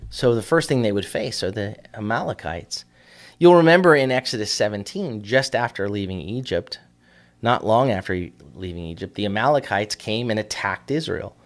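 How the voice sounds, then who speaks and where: Rabbi explaining scripture. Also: male voice, on the low side, expressive, moderate pace. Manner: explanatory, with fillers and restarts. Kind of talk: Bible teaching.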